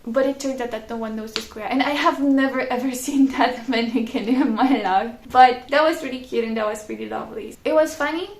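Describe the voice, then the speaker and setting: Brief: young woman vlogger, high gravelly voice, chatty storyteller, echoey room. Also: brisk, hardly any pauses, a little hiss or hum. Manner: chatty, laughing often, frequent "like" fillers. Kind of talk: casual storytelling.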